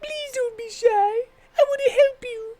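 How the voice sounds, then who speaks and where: Brief: woman voicing a high, squeaky, bossy young game heroine. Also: unhurried, mellow, a little hiss or hum, rough recording. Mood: eager. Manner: high, squeaky, pushy put-on voice. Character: meddling, eager young woman matchmaker.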